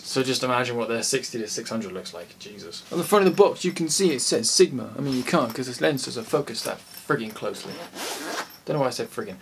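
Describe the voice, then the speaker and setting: A man's voice: medium pitch, a little hiss or hum. An English man casually reviewing a camera lens in a rambling, jokey, sweary vlog chat.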